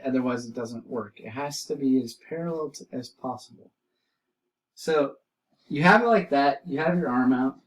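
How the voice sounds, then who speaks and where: A man's voice: mid-range voice, recorded from a distance, rough recording. Man teaching drawing, drifting from the mic. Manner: explains step by step, repeats key terms slowly. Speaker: art teacher. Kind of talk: recorded drawing lesson, demonstrating.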